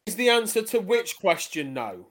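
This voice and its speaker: Bloke on a comedy pod, bright edgy voice, swoopy, bickering. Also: male voice, high-pitched, sing-song, moderate pace. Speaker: podcast co-host. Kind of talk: casual improv banter.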